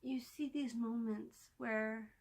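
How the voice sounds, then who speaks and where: A woman's voice: a little high, steady tone, slow, creaky. A woman hosting a casual weekly TV review vlog, talking in an enthusiastic, rambling way with restarts and fillers, sometimes dropping almost to a whisper. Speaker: TV review vlogger.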